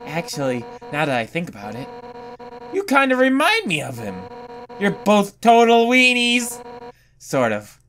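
A gamer reading as Undyne, gruff fish-monster captain. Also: medium pitch, wildly swooping pitch, unhurried, a bit bright, faint music behind, voice pushed up. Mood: confiding. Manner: gruff, blunt, then awkwardly confiding. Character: hot-headed fish-monster woman, captain of the guard. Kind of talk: reading game dialogue aloud.

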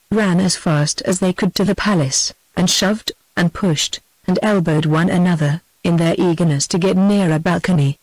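A synthetic text-to-speech woman's voice with a British English accent, reading a storybook in an even, measured way. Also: fairly low pitch, no room sound, rough recording. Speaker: audiobook narrator.

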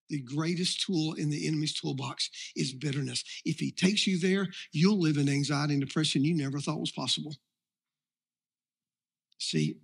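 A male pastor delivers a sermon with emphatic, building intensity. His voice sits high and carries a gravelly, husky edge. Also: a bit bright. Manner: emphatic preaching with rising intensity.

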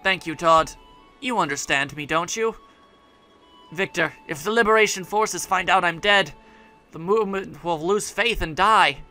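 A man's voice: sits high, unhurried, pushed and bright, faint music behind, full character voice. A man reading as a dying rebel leader woman. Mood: solemn, resigned.

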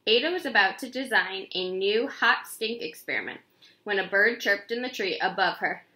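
Lively bright woman reading aloud. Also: mid-range voice, moderate pace, reverberant. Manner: expressive, animated read-aloud with character voices. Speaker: children's book reader. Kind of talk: reading a chapter book aloud.

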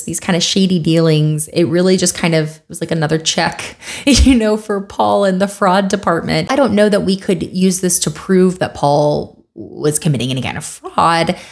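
A woman sharing her opinions in a casual commentary vlog. She talks conversationally and with a wry edge, often pausing on fillers. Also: fairly low pitch. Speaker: video creator.

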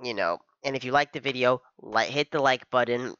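A young man casually reacting to an anime episode as the host, excitable and peppering his talk with "bro". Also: medium pitch, a little fast, clean tone, dry recording, lo-fi sound. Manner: excitable, keeps saying "bro".

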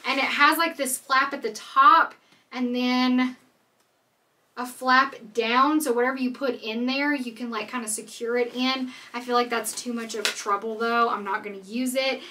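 A woman vlogger from Canada talks casually through a try-on haul, candid and quick to joke. Her voice sits a little high and sounds bright and forward. She is recorded from a bit of a distance, a step back from the camera mic. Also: steady tone. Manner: chatty, candid and joking.

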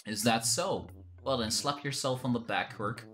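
A man's voice: medium pitch, moderate pace, a bit bright, soft background music, lightly acted. A man voicing an old, drowsy male tree-spirit hermit in a put-on old-man accent, rambling like a conspiratorial storyteller. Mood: folksy.

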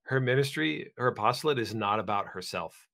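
A young man co-hosting a podcast, speaking in a relaxed, affirming, conversational way. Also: lowish voice, fairly quick, vocal fry. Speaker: podcast co-host. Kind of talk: casual conversation.

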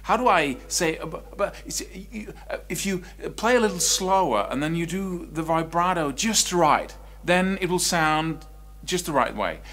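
A man teaching an online guitar lesson, explaining expression in a lively, conversational way. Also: on the high side, moderate pace. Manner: animated, swings between quiet and loud speech to demonstrate.

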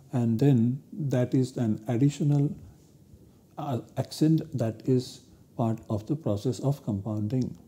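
Very dark-voiced male lecturer. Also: mid-range voice. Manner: methodical, explanatory. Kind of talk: university lecture on grammar.

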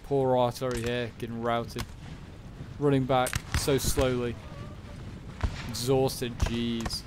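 A man's voice: medium pitch, flat delivery, slow pace, background noise. A man giving casual, rambling commentary over a strategy game battle, full of fillers and self-corrections. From Britain. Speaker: gaming channel host.

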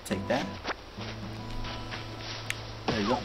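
A man hosting a gaming video, giving excitable, slangy let's-play commentary straight to his viewers. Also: mid-range voice, moderate pace. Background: game music.

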